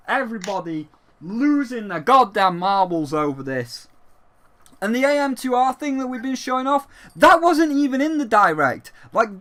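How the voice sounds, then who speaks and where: A gaming YouTuber giving an excited, rambling recap of a games event, swearing freely. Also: mid-range voice. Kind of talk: excited event recap while live on a call.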